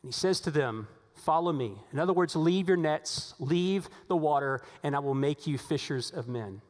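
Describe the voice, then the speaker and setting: A man preaching a sermon as pastor, telling stories animatedly, his voice climbing when excited. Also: on the high side, moderate pace. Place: church sanctuary. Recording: long hall reverb.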